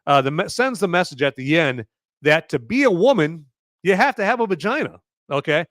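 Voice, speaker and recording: A man's voice: a little high, lively intonation, a little fast, fairly bright tone, no echo, clean studio sound. A man hosting a podcast, rambling through a casual live movie review with lots of fillers, restarts and sarcastic asides. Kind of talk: casual live-stream commentary.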